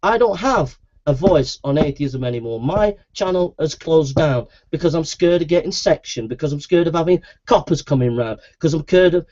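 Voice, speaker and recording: A man's voice: on the high side, mellow. A man, a Christian preacher speaking straight to his webcam in a heated, aggrieved monologue that keeps circling back on itself. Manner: aggrieved, repetitive, insistent. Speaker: Christian preacher and video maker. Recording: dull lo-fi webcam audio.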